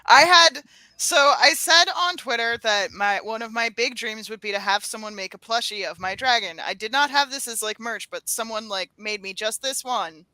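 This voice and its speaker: A woman author chats in an upbeat, enthusiastic way during a video-call panel. Her voice sits high and sounds bright. The sound is dry, with no room echo. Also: moderate pace. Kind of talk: casual panel chat.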